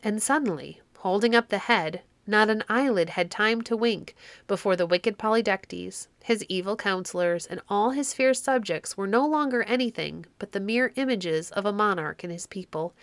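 A woman reads a classic children's tale aloud, measured and expressive. Her voice sits at a middling pitch and is recorded dry and close, with no room around it. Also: no room sound. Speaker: audiobook narrator. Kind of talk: storybook narration.

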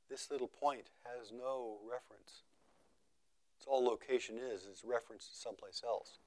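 A man with a mid-range voice gives a contemplative dharma talk at a meditation retreat. He speaks slowly and measuredly, repeats phrases for emphasis, and lets his voice grow quiet as each thought ends.

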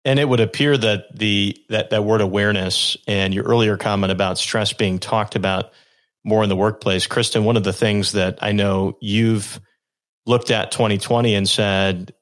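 Lower-voiced man hosting an interview. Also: steady tone, normal speed. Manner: rambling, restarts while framing questions. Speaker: podcast host. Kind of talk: interview questions.

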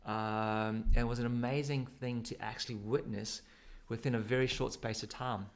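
A man's voice: mid-range voice, steady tone, moderate pace. A man with a South African accent, a surf coach talking casually and explaining technique with demonstrations. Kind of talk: casual instructional chat.

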